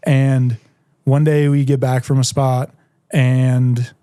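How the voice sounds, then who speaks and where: Animated young man with a mellow, dry voice. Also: mid-range voice, takes it slowly, clear, resonant tone, no room sound. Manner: animated storyteller, heavy "like" filler. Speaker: podcast guest. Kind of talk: casual chat.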